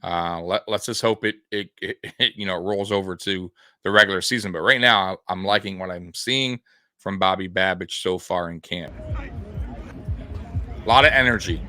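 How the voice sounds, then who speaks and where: Man, sports video host, casual rambling commentary, bright tone, dry close sound. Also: low voice, normal speed, no room sound, faint music behind. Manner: rambling, many fillers and restarts. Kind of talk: casual commentary over highlight clips.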